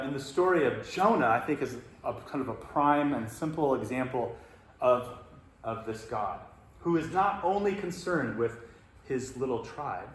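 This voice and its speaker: A man teaching about the Bible in a reflective, hesitant way, with many fillers. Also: fairly high pitch. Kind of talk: teaching talk. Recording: roomy echo, faint noise.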